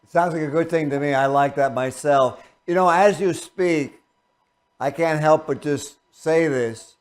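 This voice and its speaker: A man's voice: on the high side, unhurried. A male interview host who asks questions and pays rambling, effusive compliments. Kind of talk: casual interview talk.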